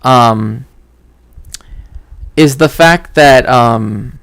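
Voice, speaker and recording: A man's voice: mid-range voice, very slow, vocal fry, a bit bright, smooth, dry recording. A man hosting a stream, telling a story in a rambling, self-interrupting way, often starting over mid-sentence. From Mexico. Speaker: stream host. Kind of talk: casual chat.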